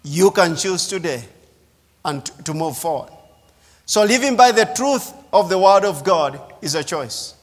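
A man preaching a sermon as pastor, slow and emphatic, repeating key phrases. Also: high-pitched, lively intonation. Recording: reverberant hall.

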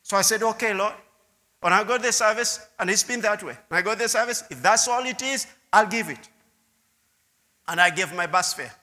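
Bright-voiced preacher in echoing hall. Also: male voice, sits high, moderate pace. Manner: storytelling, repeats words, asides to audience. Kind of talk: sermon testimony. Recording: long hall reverb.

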